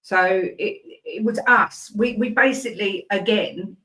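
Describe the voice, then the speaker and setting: A man's voice: high-pitched, measured pace, bright, forceful tone, slight background noise, low-quality recording. A man speaking as a Tottenham fan in a football debate, bitter and sardonic about his own club.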